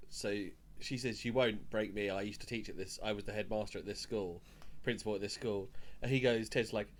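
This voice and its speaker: A man's voice: fairly low pitch, fairly even intonation, a little fast. A man co-hosting a podcast, recapping a show in casual chat and laughing often. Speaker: podcast co-host.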